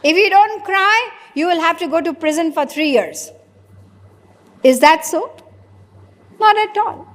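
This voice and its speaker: A woman's voice: extremely high pitch, animated, unhurried, pauses often. A woman giving a spiritual discourse, explaining step by step and acting out little dialogues to make her point. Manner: questioning, explanatory, acts out dialogue. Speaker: spiritual teacher. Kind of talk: religious discourse. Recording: long hall reverb.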